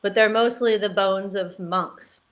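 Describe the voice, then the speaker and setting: A woman's voice: medium pitch, steady tone, unhurried. A woman co-hosting a chat show, chatty and enthusiastic, full of "like". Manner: chatty, enthusiastic, says "like" a lot. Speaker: co-host. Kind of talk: casual chat.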